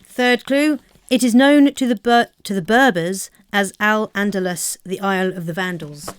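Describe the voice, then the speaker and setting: A woman's voice: medium pitch, normal speed, a little hiss or hum. An English woman co-hosting a comic chat show, reading quiz clues aloud and laughing easily. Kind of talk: playful live show banter.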